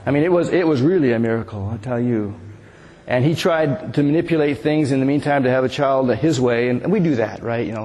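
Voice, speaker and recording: A man's voice: mid-range voice, darkish tone, in a large hall. A man in his sixties, a pastor giving a conversational sermon and often asking his listeners "right?". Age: 60s. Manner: conversational, asks the congregation "right?". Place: church sanctuary.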